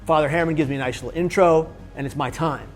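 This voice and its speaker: A man's voice: fairly high pitch, fast talker, faint music behind. A man speaking to camera about his own experience, telling it with energy and acting out the lines of other people in the story. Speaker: suicide prevention speaker.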